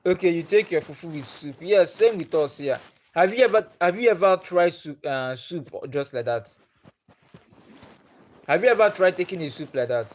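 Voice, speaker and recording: A man's voice: on the high side, lively intonation, normal speed. A man with a Nigerian accent, chatting on a live stream and putting the same questions to his viewers again and again. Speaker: livestreamer.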